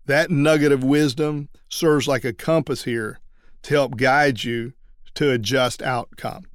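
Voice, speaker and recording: A trial lawyer teaching other lawyers how to persuade juries, telling a story and acting out everyday quotes. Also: male voice, medium pitch, slow, clean tone, dry recording, clean studio sound.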